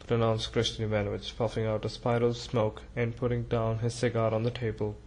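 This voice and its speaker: A man narrating a classic novel as an audiobook, reading in a measured, even way. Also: medium pitch, poor audio.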